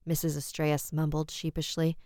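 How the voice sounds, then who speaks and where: Woman horror narrator, low smooth voice, dry close sound, measured delivery. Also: dry recording. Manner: measured, steady storytelling.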